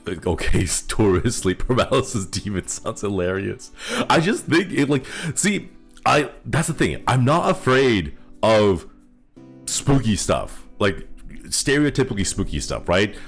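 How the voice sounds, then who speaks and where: Giggly low-voiced male streamer. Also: sing-song, measured pace, faint music behind. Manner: giggly, rambling, laughs often. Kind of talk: casual chat with viewers.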